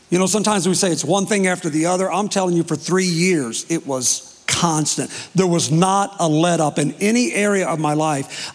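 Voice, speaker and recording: A man preaching from a platform, his voice sitting high for a man. He shares his testimony with emotion and drawn-out pauses, and the sound rings out with a long reverb from a large church hall. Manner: emotional storytelling with dramatic pauses. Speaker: pastor. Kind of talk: testimony sermon. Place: church sanctuary.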